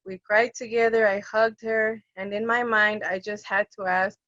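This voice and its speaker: With hardly any pauses, a young woman who provides end-of-life care tells her own story at normal speed and medium pitch, animatedly performing the quoted voices. The recording is dry, dull, and lo-fi.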